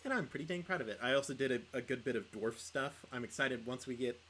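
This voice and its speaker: A young man talks through a casual livestream chat, rambling and leaning on filler words. His pitch sits in the middle of the range. A faint hiss of background noise runs underneath. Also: quick pace, fairly bright tone, poor audio. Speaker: podcast co-host and player.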